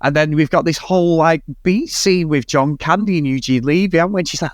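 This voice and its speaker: A man's voice: on the high side, fairly quick, no echo, studio quality. A man co-hosting a casual film review podcast, ranting in exasperation about a bad movie and swearing freely. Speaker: podcast co-host.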